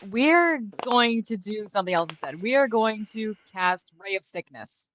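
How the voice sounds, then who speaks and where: A player in a tabletop game, talking in an easygoing, calm way. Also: medium pitch, normal speed, slight background noise, rough recording. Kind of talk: casual tabletop play.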